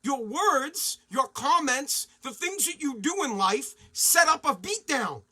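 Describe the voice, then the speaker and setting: A man in his forties hosting a podcast, delivering a heated, profane monologue with loud bursts of indignation. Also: very high voice, sing-song, takes it slowly. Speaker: podcast host.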